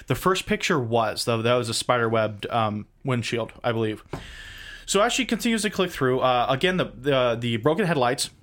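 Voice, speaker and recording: A male podcast co-host talking through a case in loose, casual chat. He rambles, restarts and cracks self-deprecating jokes. His pitch sits in an ordinary middle range. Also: expressive, moderate pace, a bit bright.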